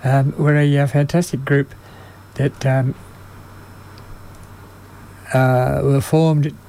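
A man hosts a music radio show in a mid-pitched voice, stopping often to search for words. His voice is fading and slightly strained, as if he is losing it. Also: flat delivery, mellow, a little hiss or hum. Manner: halting, many ums and uhs. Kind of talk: unscripted radio presenting.

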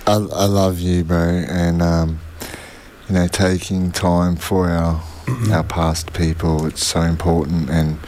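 Male radio guest, deep voice, faint studio hiss behind. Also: level tone, takes it slowly, darkish tone. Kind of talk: casual chat.

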